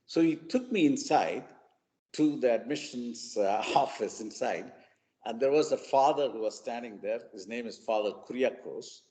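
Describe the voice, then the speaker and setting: A man's voice: mid-range voice, normal speed, in a large hall. A man from Chennai with an Indian English accent, telling his life story as a guest speaker and briefly acting out the people he quotes. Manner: animated storyteller who briefly acts out the voices he quotes. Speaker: guest speaker at a mentoring webinar. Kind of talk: personal storytelling.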